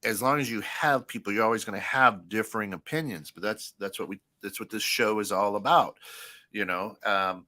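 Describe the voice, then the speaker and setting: A man's voice: lowish voice, normal speed, bright, forceful tone. A man co-hosting an internet radio talk show in casual chat, rambling and thinking aloud as he goes.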